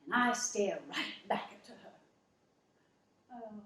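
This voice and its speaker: A woman's voice: mid-range voice, sharp tone, echoey room, poor audio. An actress playing a down-to-earth working wife who finally stands up for herself, telling her story in an earnest, emotional monologue. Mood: tense. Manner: slow, emotional, earnest retelling.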